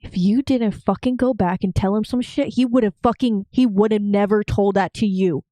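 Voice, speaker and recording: A woman's voice: medium pitch, fairly even intonation, moderate pace, mellow, no echo. A woman co-hosting a podcast in casual chat, ranting heatedly and swearing a lot. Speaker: podcast co-host.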